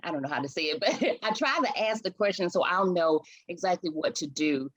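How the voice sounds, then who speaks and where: A woman's voice: fairly low pitch, a little fast, dry recording. A woman event planner from Chicago, telling her story in an interview with passion and frequent restarts. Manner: passionate, animated, restarts often.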